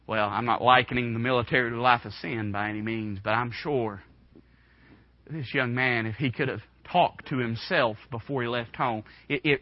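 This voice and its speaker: A man in his twenties preaching a sermon in a church, impassioned, swinging from hushed tones to shouting. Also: medium pitch, dry recording, dull audio. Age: 20s. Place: church room.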